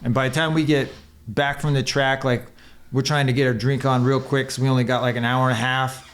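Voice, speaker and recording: A man's voice: medium pitch, little pitch movement, a little fast. A man who is a podcast guest and former motocross racer, telling a long, rambling, profane story in casual chat and acting out the quotes.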